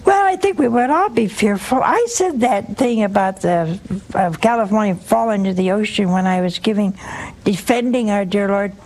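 An older woman hosting a religious call-in show, giving gentle spiritual counsel and calling her callers honey and sweetheart. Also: mid-range voice, moderate pace, rough recording.

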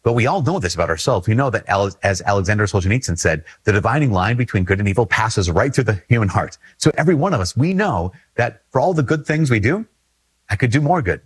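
A man's voice: fairly low pitch, lively intonation, fast talker, breathy edge, no room sound. A man from Minnesota, a priest, giving a conversational homily with earnest emphasis and repeated phrases.

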